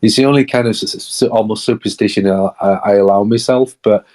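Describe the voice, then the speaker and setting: Low-voiced man, hesitant chat. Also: steady tone, a little fast, a little mellow. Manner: hesitant, many restarts. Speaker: podcast co-host. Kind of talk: casual chat.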